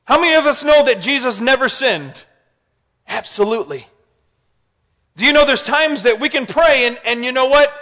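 High-voiced animated male preacher in a hall. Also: normal speed, pauses often. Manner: animated, preacherly, asks the congregation questions. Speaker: pastor. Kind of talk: sermon. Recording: hall reverb.

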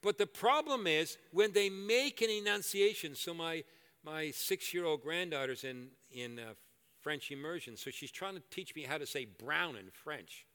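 An older man preaching a sermon and leading prayer in a church, animated and joking at his own expense. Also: fairly high pitch, moderate pace, clean tone. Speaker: pastor. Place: church hall. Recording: echoey hall reverb.

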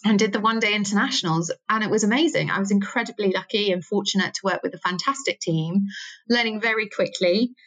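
A woman's voice: medium pitch, fast talker, a bit bright, rough recording. Chatty woman in her thirties, unpolished. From England. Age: 30s. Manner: chatty, frequent ums and self-corrections. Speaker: guest, sports marketing director. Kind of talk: conversational interview answers.

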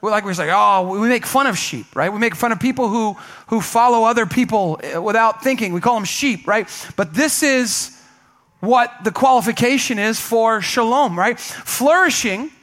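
Male pastor, high-pitched, emphatic sermon delivery, call-and-response with the congregation. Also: expressive, normal speed, fairly bright tone. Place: church sanctuary.

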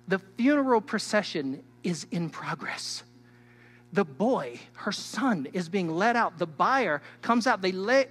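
Man, pastor, sermon, emphatic, teacherly, high-pitched, long hall reverb. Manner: emphatic, swings between loud and hushed; teacherly, addresses the listeners directly.

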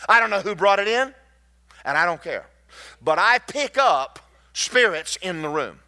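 A man, a pastor telling stories in a sermon, emphatic and swinging between loud and hushed. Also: high-pitched, lively intonation, a little slow.

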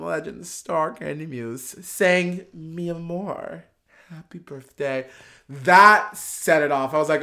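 Animated drag performer telling a story. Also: mid-range voice, slow. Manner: animated, lots of filler words and restarts, swears; laughs while talking. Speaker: podcast guest. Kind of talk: casual storytelling.

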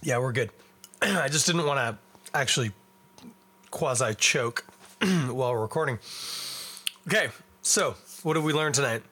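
A man's voice: medium pitch, measured pace, long pauses, bright, forceful tone. A young Canadian man hosting a podcast, chatting casually and rambling in a self-deprecating way. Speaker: podcast host. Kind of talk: casual solo podcast chat.

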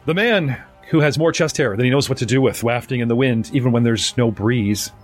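A man's voice: mid-range voice, fairly quick, soft background music. A man hosting a live-streamed tabletop game, chatty and rambling as he introduces his players. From North America. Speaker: game master and podcast host.

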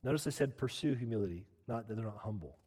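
A man preaching a sermon as pastor, emphatic, often urging "listen" and climbing to loud peaks. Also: on the low side, lively intonation, fast talker, husky, long reverb tail.

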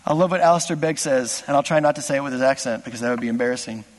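A man preaching a sermon as pastor, impassioned, swinging from loud exclamations to hushed asides. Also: mid-range voice, very fast, in a large hall.

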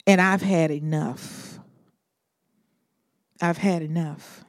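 A woman preaching a sermon. She is animated and swings between loud emphatic bursts and hushed asides, acting out Bible figures in modern slang. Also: low-pitched, slow, no room sound, clean studio sound.

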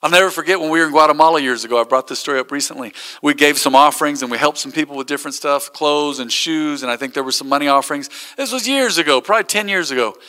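A man's voice: fairly high pitch, fast, few pauses, bright, forceful tone, in a large hall. A man, a pastor, preaching a sermon and telling stories with acted-out quotes. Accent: American.

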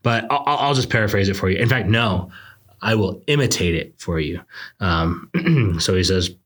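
Deep-voiced young man musing on a podcast. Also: moderate pace, fairly bright tone. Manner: rambling, reflective, self-deprecating. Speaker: podcast host, law student. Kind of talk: casual solo podcast monologue. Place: indoors late at night.

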